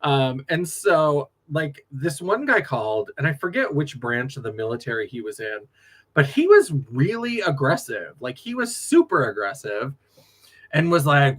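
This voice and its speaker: Sassy drag performer from North Dakota. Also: male voice, a little high, very animated, slow pace, bright, forceful tone. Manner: sassy, laughing storyteller. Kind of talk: casual late-night chat.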